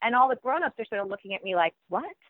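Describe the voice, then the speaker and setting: A woman telling about writing picture books, lively and expressive, slipping into children's voices. Her voice comes through a thin, phone-like line with no room sound around it. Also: medium pitch, rapid-fire, no echo. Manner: animated, acts out children's voices while telling. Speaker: children's book author. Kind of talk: podcast interview answer.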